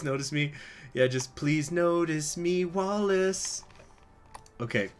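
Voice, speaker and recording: A man's voice: a little high, takes it slowly, fairly bright tone, faint music behind. A man streaming a strategy game, reading event text aloud and joking crudely with his chat between passages. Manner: casual, laughing, crude asides between read-aloud passages.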